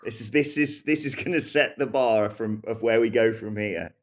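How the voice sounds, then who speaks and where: A man's voice: lowish voice, normal speed, a little hiss or hum. A man with an English accent playing a barbarian in a tabletop game, chatting and joking about his dice rolls. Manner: joking, self-mocking. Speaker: player as a Goliath barbarian. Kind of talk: casual tabletop play.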